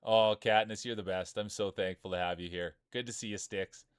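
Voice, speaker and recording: Dry, smooth-voiced joking stream announcer man. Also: fairly low pitch, fairly even intonation, brisk, dry recording. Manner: playful, joking, chatty announcer banter. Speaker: streamer commentating marble races. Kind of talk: live-stream play-by-play commentary.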